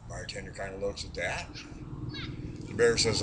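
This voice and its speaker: A man's voice: lowish voice, very animated, moderate pace, background noise. A man telling a long, rambling joke in a bar, folksy and drawn out with lots of fillers. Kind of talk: rambling storytelling.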